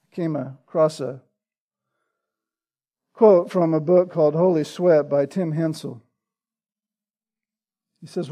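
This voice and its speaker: Man, pastor, expository sermon, high voice, unhurried delivery, earnest, rhetorical "right?" tags. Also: warm tone. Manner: earnest, rhetorical, frequent "right?" tag questions; slow and deliberate with emphatic repetition.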